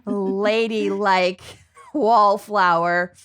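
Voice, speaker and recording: A woman's voice: mid-range voice, steady tone, drawn-out words, a bit bright, clean tone. A woman co-hosting a podcast in casual, jokey chat, cursing freely. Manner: upbeat, jokey, swears freely. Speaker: podcast co-host.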